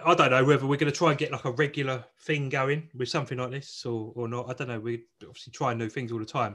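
Guy hosting a podcast, chatty and loose, lots of ums and restarts, average pitch. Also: fairly bright tone. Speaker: podcast host. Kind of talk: casual chat.

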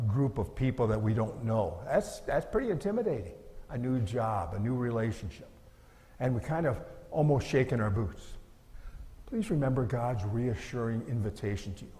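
A man's voice: fairly low pitch, dark tone, long reverb tail. A middle-aged male pastor preaching a sermon in an earnest, conversational way, asking his listeners rhetorical questions.

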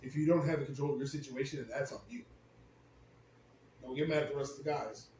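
A young man telling a long, profane story in a casual podcast chat, getting loud when he quotes himself. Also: medium pitch, steady tone, fast talker. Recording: roomy echo, faint ambient noise.

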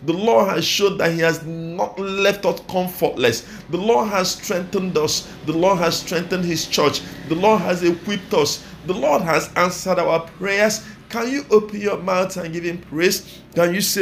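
High gravelly pastor praying. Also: male voice, measured pace, a little hiss or hum. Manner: repetitive, pleading prayer cadence. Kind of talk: sermon and fervent prayer.

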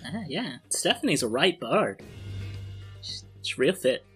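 A man's voice: a little high, very animated, a little slow, fairly bright tone, soft background music. A man voicing a brash male British office worker in improvised role-play, his put-on British accent drifting between regions. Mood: chummy. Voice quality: loose, wandering put-on accent.

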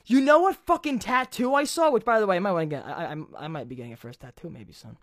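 A man's voice: sits high, expressive, fast talker, no room sound, studio quality. A young man from Brooklyn, chatting as a podcast host. He swears a lot and swings his voice up and down. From Brooklyn, New York. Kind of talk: casual chat.

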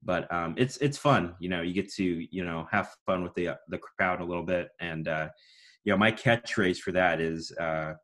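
A young man with a baritone voice, a student broadcaster chatting as a podcast guest in a rambling, self-deprecating way. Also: moderate pace, a bit bright. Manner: rambling, self-deprecating, with sudden announcer-style bursts. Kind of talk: casual podcast chat.

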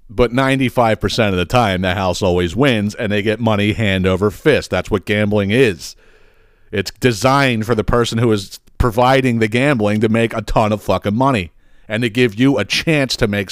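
A man's voice: lowish voice, smooth, no room sound, clean studio sound. Profane ranting male podcast host. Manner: profane, ranting, repeats words. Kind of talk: casual podcast rant.

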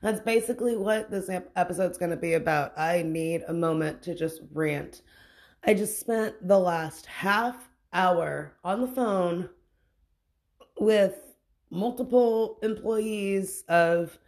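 A woman's voice: fairly low pitch, slow, darkish tone. A young adult woman venting to her audience in a casual, frustrated rant, swearing and restarting her sentences. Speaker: vlogger.

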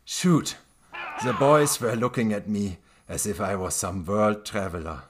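A man voicing a drawling Montana cowboy who boasts and jokes slowly as a satisfied customer. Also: lowish voice, background noise, natural voice. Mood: boastful. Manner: slow drawl, jokey.

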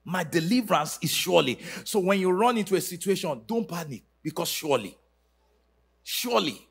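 Gravelly, high-voiced male preacher. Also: expressive, a little fast. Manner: emphatic, leads the congregation in call-and-response; sing-song preaching cadence. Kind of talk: sermon. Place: church service.

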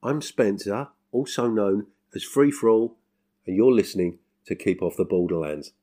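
A man's voice: lowish voice, lively intonation, moderate pace, mellow. An English man hosting his podcast in a casual, self-mocking monologue, chuckling often. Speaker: podcast host.

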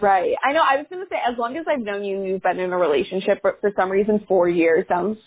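A woman's voice: mid-range voice, fast talker, no echo. A woman hosting a podcast in a playful, teasing, self-mocking way. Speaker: podcast host. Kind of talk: casual chat. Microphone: phone call. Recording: tinny phone line.

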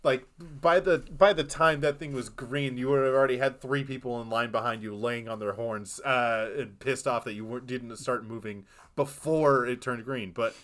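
A man co-hosting a film podcast, retelling scenes in a rambling, animated way with acted-out quotes. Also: medium pitch, normal speed, few pauses. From lives in Boston. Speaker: podcast co-host. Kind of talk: casual film discussion.

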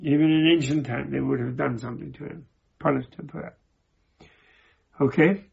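A man giving an informal Buddhist teaching, telling stories in a halting way, often repeating and restarting his words. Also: mid-range voice, steady tone, creaky, husky, narrow, tinny audio. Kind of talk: informal spoken teaching with storytelling.

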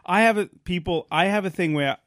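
A man co-hosting a podcast, telling stories in casual chat, rambling and animated with lots of restarts. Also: high-pitched, brisk, no echo, clean studio sound. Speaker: podcast co-host.

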